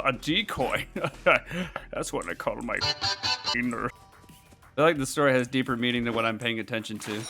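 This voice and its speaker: Giggly woman streamer with a bright voice. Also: sits low, animated, normal speed, faint music behind. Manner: giggly, playful, swears for laughs. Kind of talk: casual gameplay commentary.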